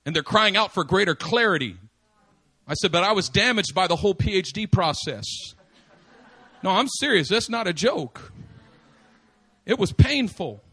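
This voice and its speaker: Male preacher delivering a sermon; high-pitched, emphatic, moves between quiet asides and loud repeated points. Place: church service.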